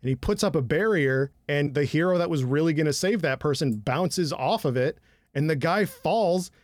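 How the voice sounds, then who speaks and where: A young man talks through anime episodes in a lively, casual way, his voice sitting a little high for a man. The sound is close and dry, with no room around it. He laughs easily and jumps into exaggerated character voices. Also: normal speed, dry recording. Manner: animated, breaks into loud impressions and laughter. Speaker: podcast co-host.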